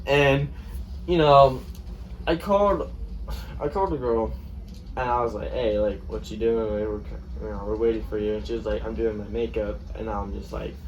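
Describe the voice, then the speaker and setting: A man's voice: lowish voice, normal speed, lo-fi sound. A young man telling a story in casual chat, rambling and swearing often and acting out what people said. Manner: rambling, profane, retells with quoted dialogue. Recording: distant mic with faint noise.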